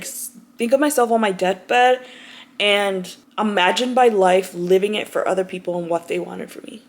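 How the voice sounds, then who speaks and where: A young woman vlogging from home, talking heartfelt and close to tears, with lots of "like" and "you know", then chatty, calling viewers "y'all" and "girl". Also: medium pitch. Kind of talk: emotional personal vlog talk to camera.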